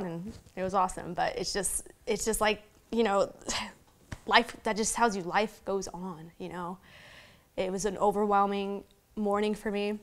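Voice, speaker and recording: A young woman with a Southern Californian accent, talking about her retirement in a sit-down interview, halting often and restarting her sentences. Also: medium pitch. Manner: halting, many restarts and fillers. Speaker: interview guest, retired boxer.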